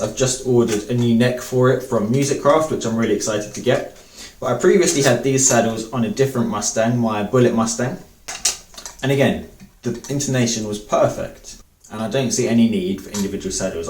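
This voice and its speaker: A man talks through a guitar bridge review with plain enthusiasm, often repeating words to stress them. His voice sits at an ordinary middle pitch. The mic is some way off, so the room echo is easy to hear. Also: darkish tone, recorded from a distance. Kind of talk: product review talk to camera.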